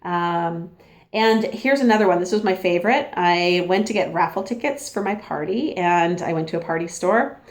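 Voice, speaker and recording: A woman's voice: fairly low pitch, moderate pace. A woman giving a casual, upbeat training talk as a sales consultant, chatty and acting out little dialogues. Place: home.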